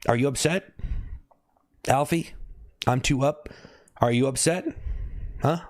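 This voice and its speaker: Taking it slowly, a livestreamer speaks casually to his audience, thanking people by name and wondering aloud if he looks upset. Sudden high whoops punctuate his talk.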